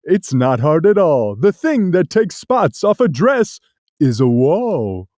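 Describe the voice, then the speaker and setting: Cocky chuckling cat in a hat done by a storyteller, low and bouncy, slow and dry, storybook style. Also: big pitch swings, dark tone, dry recording. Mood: mischievous. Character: mischievous grown tomcat in a hat, boastful. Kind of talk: storybook read-aloud.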